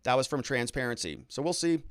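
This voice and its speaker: A middle-aged man hosting a casual legal livestream, reading viewer comments aloud and reacting with quick, chatty asides. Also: medium pitch, animated, clear, resonant tone, no room sound, clean studio sound. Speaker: lawyer host reading live chat comments.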